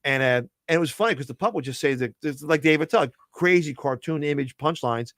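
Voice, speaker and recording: A man's voice: on the high side, brisk, no echo. A middle-aged man with a Philadelphia accent, a comedian telling stories in casual podcast chat, laughing often and stumbling over restarts. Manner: animated storyteller, laughs often, stammers restarts. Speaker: comedian guest.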